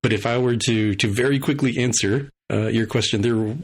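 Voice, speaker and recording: A man from Texas and Washington State co-hosting a podcast in casual chat, measured and explanatory. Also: mid-range voice, slightly rough. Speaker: podcast co-host.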